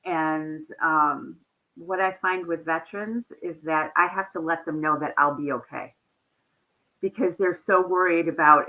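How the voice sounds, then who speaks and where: A woman counselor, a guest in an interview, telling animated stories about her clients, often laughing and quoting their words. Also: lowish voice, moderate pace, narrow, tinny audio. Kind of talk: conversational interview storytelling.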